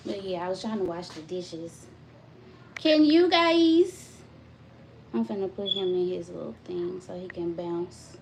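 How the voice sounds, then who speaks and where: A woman's voice: fairly low pitch, level tone, a little slow, gravelly, long pauses, noisy background. A woman vlogging live from her home kitchen, chatting casually with viewers and greeting them by name while she does the dishes. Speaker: live-streaming mom vlogger. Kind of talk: casual live-stream chat.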